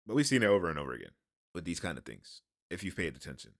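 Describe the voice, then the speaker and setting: Casual male reaction host, lowish pitch, slangy and relaxed. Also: rapid-fire, dry recording, studio quality. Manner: laid-back, slangy, says "bro" a lot.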